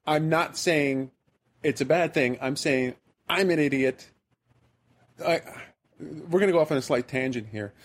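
A podcast host from the American Midwest tells a rambling, self-deprecating story in casual chat. His voice is on the high side, and he speaks at a measured pace, pausing often.

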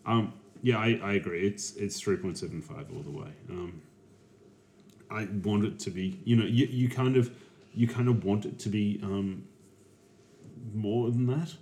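A man hosting a casual beer-review podcast, hesitant and full of pauses. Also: fairly low pitch, darkish tone. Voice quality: hesitant, full of ums and restarts. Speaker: podcast host.

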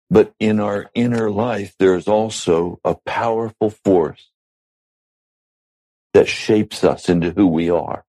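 A middle-aged man preaching a sermon in a slow, measured, deliberate way. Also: low voice, warm tone, low-quality recording. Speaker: pastor.

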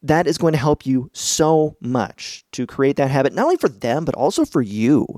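A middle-aged man hosts a podcast from his home basement, chatty and encouraging, laughing often as he explains things in casual instructional talk. His voice is on the high side, very animated, and dark in tone, at normal speed. The sound is clean studio quality with no echo.

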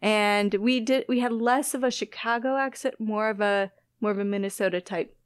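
A woman in her thirties from the Illinois-Wisconsin border in the US Midwest chats as a guest biologist in a casual interview, laughing often and making self-deprecating asides. Her medium-pitched voice keeps a steady tone at normal speed, with hardly any pauses and no echo.

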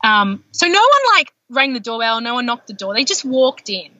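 A woman, a podcast guest telling her personal birth story in an animated way, full of fillers. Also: a little high, normal speed. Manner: animated, heavy use of filler words. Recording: dull lo-fi dry sound.

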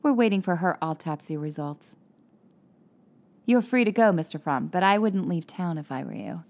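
A blunt, probing policewoman, read by a woman narrator in an audiobook. She asks pointed questions in a firm, steady voice. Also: on the low side, moderate pace. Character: blunt, probing adult female police officer.

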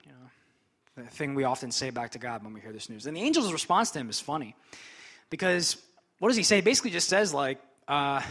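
A man's voice: mid-range voice, animated, brisk, a bit bright. A young man preaching a sermon as pastor, conversational and chatty, with frequent casual asides.

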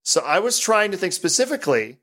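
A man hosting a casual pinball podcast, chatty and rambling, animated as he talks. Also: high-pitched, a little fast. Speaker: podcast host.

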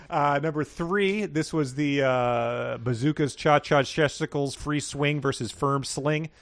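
A man's voice: a little high, slow pace, no room sound, studio quality. A man hosting a guessing game, reading passages aloud and going over answers in a playful, stumbling way. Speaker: game host.

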